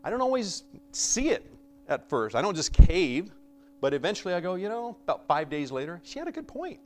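A man with a high-pitched, very animated voice preaches a conversational sermon at a fairly quick clip. He swings between loud emphasis and soft asides, acting out quoted voices with humor.

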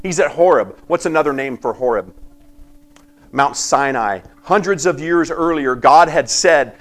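A man preaching a sermon, reading scripture aloud and acting out the voices in it, swinging from loud emphasis to quiet asides. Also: a little high, measured pace. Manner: animated preaching, acting out biblical voices with sudden quiet drops. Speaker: pastor.

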